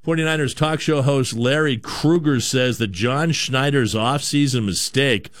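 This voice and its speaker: A man's voice: medium pitch, a little slow, fairly bright tone, no room sound, studio quality. A man from Canada hosting a sports talk show, giving a rambling, opinionated monologue.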